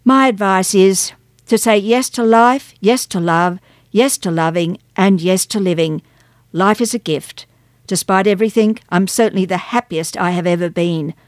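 A woman reading magazine articles aloud on a radio program, steady and clear. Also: medium pitch, moderate pace, dry recording, clean studio sound. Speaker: radio reader.

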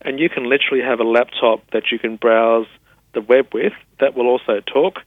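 A man, a technology specialist explaining things patiently and spelling words out slowly in an interview. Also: medium pitch, fairly even intonation, no room sound. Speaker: assistive technology specialist guest. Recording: tinny phone-line sound.

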